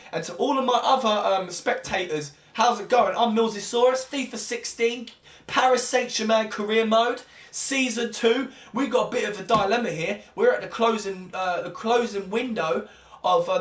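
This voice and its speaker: A man's voice: high voice, a bit bright, echoey room, distant mic. A young man commentating his football game to viewers, chatty and exasperated, calling them guys. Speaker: gaming YouTuber. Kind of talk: gameplay commentary.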